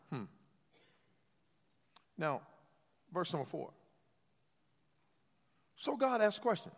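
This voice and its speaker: This male pastor's high-pitched, slightly bright voice swings widely in pitch as he preaches at a measured pace, leaving long pauses. He calls on the congregation to repeat his emphatic, repetitive phrases back to him, call-and-response style. The sanctuary's hall gives the recording a long reverb.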